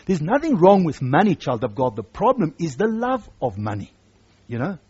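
A man's voice: on the high side, huge pitch swings, normal speed, darkish tone, breathy edge, lo-fi sound. A man preaching a sermon, emphatic and repeating his key phrases for weight.

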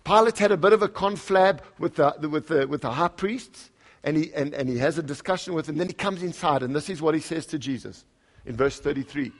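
Man, pastor, conversational sermon, emphatic, fairly high voice, questions to the congregation. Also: fairly quick. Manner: reads scripture aloud with lively emphasis.

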